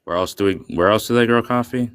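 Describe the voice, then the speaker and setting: A man's voice: medium pitch, fast talker, smooth, no room sound, clean studio sound. A man in a casual group call, swearing and joking with mock outrage. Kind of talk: casual group chat on a live stream.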